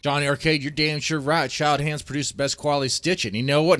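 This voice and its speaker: A man's voice: a little high, flat delivery, fast talker, a bit bright, clean tone. A man reacting to a video on a live stream, greeting chatters and ranting with heavy swearing. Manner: profane, ranting, mocking. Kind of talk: casual live-stream commentary.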